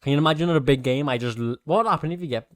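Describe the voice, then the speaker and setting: A young man with a Liverpool accent hosting a podcast, talking in blunt, excitable, sweary banter. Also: a little high, rapid-fire, dry recording, studio quality. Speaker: podcast host. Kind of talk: casual chat.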